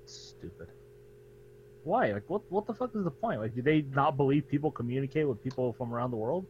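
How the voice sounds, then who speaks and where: An American man co-hosting a podcast, teasing and animated, swearing freely in casual chat. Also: medium pitch, brisk, lo-fi sound, slight background noise. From United States. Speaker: podcast co-host.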